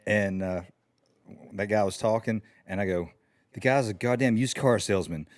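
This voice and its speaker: A man co-hosting a podcast, telling things in a halting way and searching for words. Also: on the low side. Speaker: podcast co-host. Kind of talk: casual film chat.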